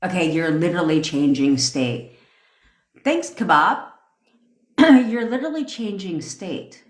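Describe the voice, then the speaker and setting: A woman's voice: lowish voice, very animated, unhurried. Profane, hyped-up woman coach in an echoey room. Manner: reads out and cheers viewer comments. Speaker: manifestation coach. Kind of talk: livestream rant.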